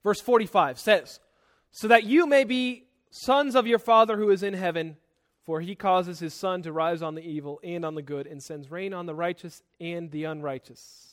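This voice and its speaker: A young man preaching a sermon, emphatic, moving between loud and soft passages and often repeating words as he starts a sentence. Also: high-pitched, fairly even intonation, normal speed. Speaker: pastor.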